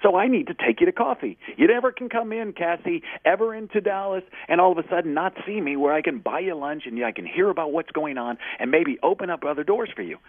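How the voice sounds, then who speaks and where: Talking fast with hardly any pauses, this interview guest has a fairly high, animated voice. He's emphatic and passionate, delivering energetic motivational talk and voicing the quoted lines of people in his stories. The recording is dry, and his husky voice sounds tinny, as if over a phone line.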